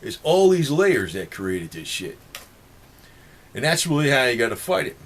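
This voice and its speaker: A man's voice: mid-range voice, very animated, moderate pace, fairly bright tone. A man with a New Jersey accent rambling in a monologue to his viewers, swearing freely and chuckling between points. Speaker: political vlogger.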